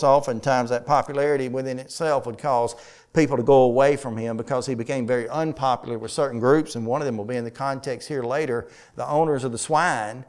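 A man preaching a Bible study, asking his listeners questions and reading scripture slowly with weight. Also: medium pitch. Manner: asks the congregation questions, reads scripture slowly with emphasis. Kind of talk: conversational sermon teaching.

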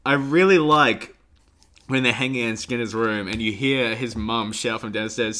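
Co-hosting a podcast, a man with a medium-pitched voice chats casually, animated and quick to laugh.

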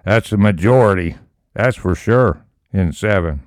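Slow, low-voiced man preaching scripture. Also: dry recording, studio quality. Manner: reads scripture slowly, then comments with emphatic outbursts. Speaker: Bible study teacher. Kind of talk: preaching Bible commentary.

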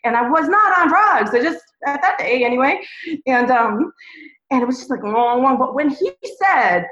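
High-voiced woman praying in a roomy echo. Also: animated, moderate pace, fairly bright tone. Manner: emotional, prayerful, rambling. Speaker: podcast guest. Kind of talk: faith testimony and prayer. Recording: roomy, dull lo-fi sound.

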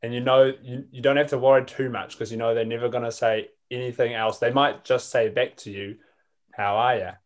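A man's voice: medium pitch, flat delivery, brisk, few pauses. A man telling a rambling, hesitant story as a student in an improv class.

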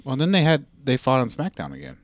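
A man's voice: medium pitch, sing-song, quick pace, a little hiss or hum. A man hosting a casual chat, telling long rambling stories full of asides and fillers.

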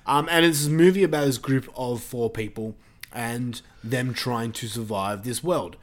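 A man's voice: mid-range voice, unhurried. Male podcast host, casual movie recap, rambling delivery. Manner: rambling, full of fillers and restarts. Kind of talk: casual movie review chat.

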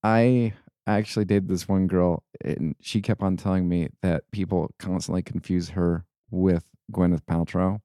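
A young man tells a rambling anecdote on a casual podcast, stumbling and restarting as he goes. His voice is low and mellow, and it sits close and dry with no room sound around it. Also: fairly even intonation, dry recording. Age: young adult. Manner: rambling, halting storyteller. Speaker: podcast co-host. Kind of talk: casual chat, storytelling.

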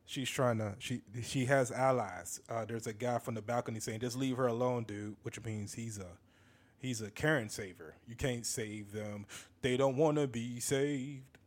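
Man, podcast host, casual chatty commentary, laid-back, amused asides, mid pitch. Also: steady tone, moderate pace. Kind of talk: casual commentary over a played video.

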